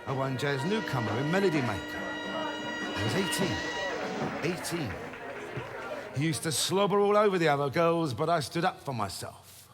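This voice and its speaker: A man's voice: fairly high pitch, expressive, moderate pace, long pauses, over music, lightly acted. A man voicing his elderly mother, a former jazz singer, speaking bluntly and matter-of-factly. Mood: reminiscing.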